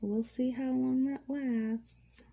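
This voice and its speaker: A woman vlogger chatting at home in a relaxed, rambling way, full of fillers, while she paints. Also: high-pitched, slow, creaky. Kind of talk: casual chat. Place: at home, indoors.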